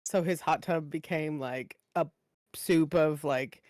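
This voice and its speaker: A woman guest in casual livestream chat, telling a story in an animated way. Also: sits low, slow, dry recording, clean studio sound. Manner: animated storyteller recounting events.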